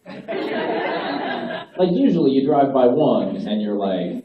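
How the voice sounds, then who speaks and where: A man's voice: mid-range voice, sing-song, takes it slowly, a crowd in the background, noisy background. A man doing a stand-up routine, ranting with growing exasperation at a live comedy venue. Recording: distant, dull, echoey audience recording. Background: audience laughter.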